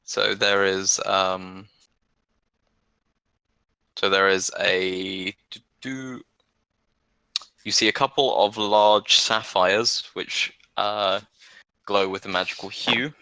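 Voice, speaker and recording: Man, game master, deep voice, bright tone, hesitant fillers, dry sound. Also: fairly even intonation, takes it slowly, long pauses, clear, resonant tone, no echo, low-quality recording. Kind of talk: narrating a tabletop game.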